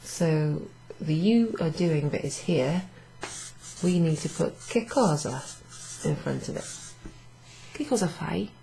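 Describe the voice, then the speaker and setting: Low, gravelly tired woman teaching. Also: animated, takes it slowly, long pauses, dark tone, a little hiss or hum, poor audio. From Wales. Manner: explains patiently, writes on a board. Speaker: Italian language teacher. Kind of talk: casual classroom lesson.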